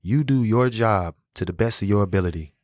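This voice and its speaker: Give me a man in his thirties as a podcast guest, sitting close to a dry microphone. His voice sits fairly low. He tells his story with restless energy and plenty of slang and cursing. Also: brisk, no echo. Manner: animated, profane, slangy storytelling. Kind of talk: casual storytelling interview.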